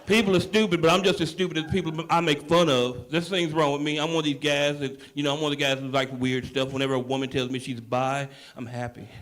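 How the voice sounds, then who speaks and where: Brash, high-pitched male stand-up comic. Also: quick pace, few pauses, slight background noise. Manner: brash and animated, with rising emphatic punchlines. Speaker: stand-up comedian. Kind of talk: stand-up comedy set. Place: comedy club stage.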